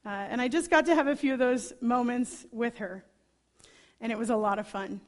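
A woman preaching a sermon, telling a story with chatty enthusiasm and lively asides. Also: on the high side, normal speed.

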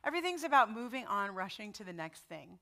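A woman's voice: medium pitch, very animated, quick pace, pushed and bright. A middle-aged woman giving a sermon in a personal, conversational way, often checking in with her listeners. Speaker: preacher.

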